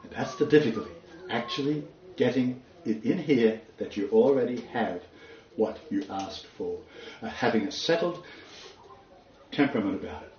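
Rambling and halting, a mid-range, darkish-toned man gives an informal sermon full of anecdotes, laughing at his own tales in chuckling asides. The setting is a roomy space that his voice fills. On this dull, muffled recording, he comes across as a homely, off-the-cuff preacher.

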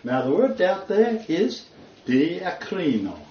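A man's voice: mid-range voice, lively intonation, slight background noise. A man giving a homely, unscripted sermon. He rambles, hesitates and laughs at his own stories. His voice carries in a roomy space on a dull, muffled recording. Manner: rambling, halting, chuckling asides. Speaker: preacher. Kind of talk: informal sermon with anecdotes.

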